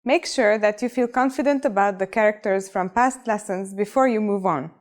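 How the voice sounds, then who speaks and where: A woman's voice: medium pitch, normal speed. A woman narrating a scripted language lesson in an upbeat, encouraging way. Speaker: language teacher.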